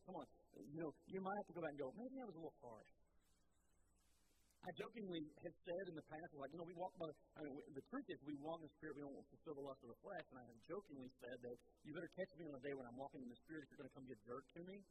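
Pastor guy preaching, chatty, repeats stuff, gets loud n high when fired up, noisy background hiss. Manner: conversational preaching, swells louder and higher when stirred; repeats key phrases for emphasis. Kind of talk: sermon.

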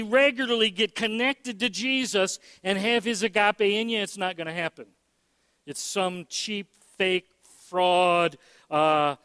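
Emphatic high-voiced male pastor preaching. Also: fairly bright tone, smooth, dry recording, big-room sound. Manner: emphatic, repeats words, many fillers. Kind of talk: sermon.

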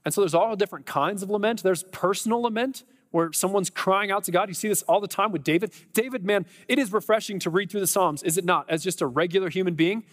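Talking quickly with hardly any pauses, a high-pitched pastor delivers a sermon under a long reverb tail. He's emphatic yet conversational, firing rhetorical questions at the congregation.

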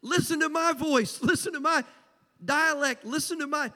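A man's voice: very high voice, moderate pace, pushed and bright. A man with a Southern US accent preaching a sermon as pastor, folksy and emphatic, repeating key phrases. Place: church sanctuary. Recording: long church hall reverb.

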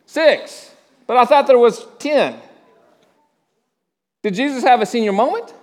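A middle-aged pastor preaching a sermon, conversational, with frequent stammered restarts and questions to the congregation. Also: male voice, very high voice, expressive. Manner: asks the congregation questions and pauses for answers.

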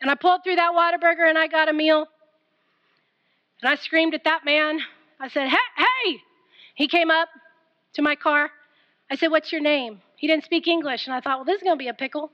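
A woman's voice: sits high, steady tone, brisk, long pauses. Lady preaching, passionate, drops to whispers, kinda muffled recording. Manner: passionate, pleading, varies from loud to near whisper. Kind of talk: sermon.

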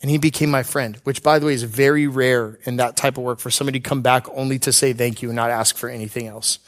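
A man preaching a conversational sermon, telling personal stories with earnestness and light humor, slowing down to stress key points. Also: mid-range voice, fairly even intonation. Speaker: pastor.

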